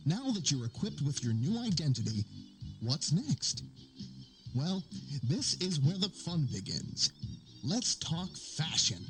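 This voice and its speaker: A man voicing a cheerful corporate orientation narrator who gives a sales-pitch welcome laced with dark jokes. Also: poor audio. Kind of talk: scripted promo narration. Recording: over loud music.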